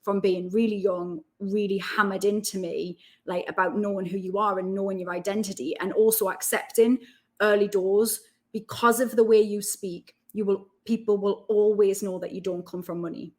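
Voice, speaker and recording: A woman with a Geordie accent, chatting as a guest on an interview podcast and telling lively stories. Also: mid-range voice. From North East England. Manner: animated storyteller, quick asides. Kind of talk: casual interview chat.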